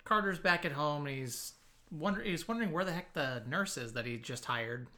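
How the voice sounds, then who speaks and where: A podcast host with a bright, crisp voice who sets up each clip. They speak briskly and steer the talk forward. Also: medium pitch, animated. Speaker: podcast host introducing clips. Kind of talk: casual chat.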